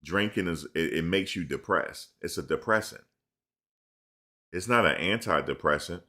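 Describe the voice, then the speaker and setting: At home in front of his camera, a live-stream commentator with a very low voice talks at normal speed in a bright, forceful tone. His casual chat is loose and rambling, full of slangy stories, and he reads viewers' questions aloud to answer them.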